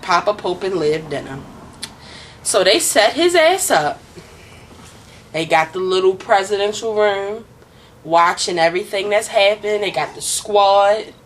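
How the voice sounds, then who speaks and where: A woman's voice: mid-range voice, animated, a little slow, a little hiss or hum, poor audio. A woman casually recapping a TV drama episode with a co-host, swearing and acting out the characters' lines.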